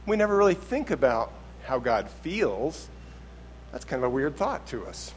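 A man's voice: medium pitch, moderate pace, slight background noise. A man preaching a sermon in church, talking conversationally and acting out little quotes as he goes. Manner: conversational and animated, acts out quotes. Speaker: pastor.

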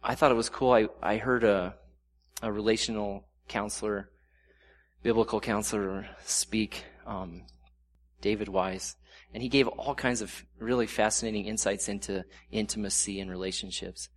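A middle-aged man giving a sermon with a fairly low voice. He talks in an earnest, conversational way and slows down when he reads scripture aloud. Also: steady tone, a little hiss or hum. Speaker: preacher.

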